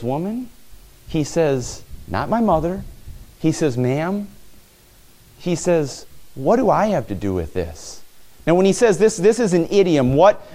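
A man's voice: a little high, darkish tone. A man preaching a sermon in a conversational way, asking his listeners questions and often repeating himself as he works out a point. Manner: frequent stumbles and repetitions.

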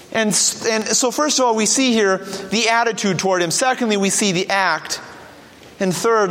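A man's voice: sits high, a bit bright. A male preacher retelling a story in a sermon, dramatic and full of rhetorical questions to the congregation. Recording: long hall reverb.

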